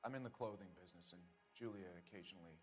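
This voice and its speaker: A man's voice: low voice, rapid-fire, lightly acted. An actor playing a guarded, polite clothing businessman being questioned by detectives, answering evasively. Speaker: interview suspect. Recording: game audio with music underneath.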